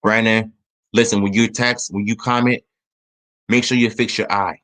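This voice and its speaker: A man hosting his own channel, chatting casually about a movie trailer in a rambling way, restarting his sentences and speeding up when excited. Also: lowish voice, normal speed. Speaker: channel host. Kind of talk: casual trailer review chat.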